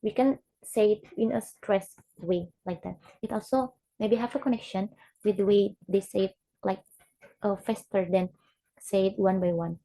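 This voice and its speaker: A young woman, a student giving a class presentation, who talks haltingly and repeats example words aloud. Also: mid-range voice, steady tone, creaky, mellow, poor audio. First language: Indonesian.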